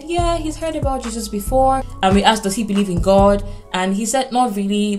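Young woman, storytime vlog, earnest, urgent, faint music behind. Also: darkish tone. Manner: earnest, urgent retelling, rising pitch when quoting herself. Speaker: vlogger.

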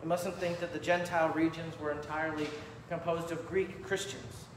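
High-voiced preaching man, echoey church. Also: flat delivery. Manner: emphatic preaching with measured, deliberate delivery. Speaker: pastor. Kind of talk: sermon. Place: church sanctuary. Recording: echoey church hall with faint room noise.

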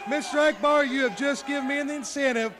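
A man playing a cocky, hustling wrestler in a promo. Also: very high-pitched. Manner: cocky, fast-talking hustler. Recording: crowd noise behind.

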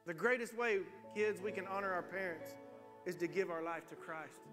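High-voiced pastor preaching in a hall. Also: male voice, moderate pace, a bit bright, soft background music. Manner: storytelling, rising to emphatic preaching. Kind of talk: sermon. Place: church sanctuary.

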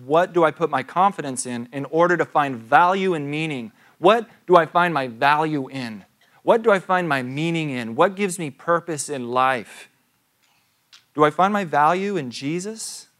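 A man's voice: a little high, expressive, normal speed, fairly bright tone. A man in his thirties, a pastor giving a sermon in a church, telling a story and asking questions in a conversational way.

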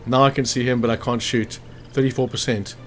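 Speaking in a mid-range, level tone and a little fast, a male gameplay commentator is heard over slight background noise. He casually narrates a strategy game walkthrough, chatty and thinking out loud about hit chances, while hiccuping after lunch.

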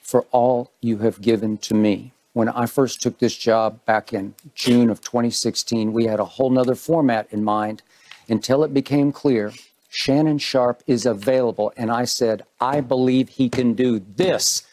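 An older man, a TV sports debate host, giving an earnest and measured on-air tribute to his departing co-host. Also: mid-range voice, fairly even intonation, darkish tone, slight background noise. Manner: measured, earnest, reads in repeated phrases.

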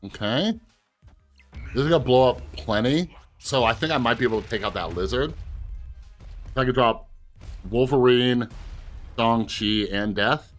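A man casually commentating his own card game play and chatting directly to his viewers, with sudden bursts of excitement. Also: mid-range voice, unhurried, long pauses, faint music behind. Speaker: gaming video host.

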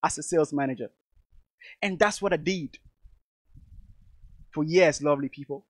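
A man's voice: fairly high pitch, normal speed, dry recording. A man from Togo, giving an emphatic motivational speech and calling his audience "lovely people". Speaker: motivational speaker.

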